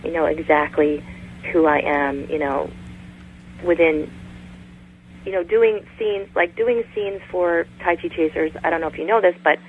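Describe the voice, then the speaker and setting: A woman's voice: deep voice, unhurried, husky. A woman guest in a casual interview, chatty and long-winded. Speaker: voice actress guest. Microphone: phone call. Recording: tinny phone line with faint noise.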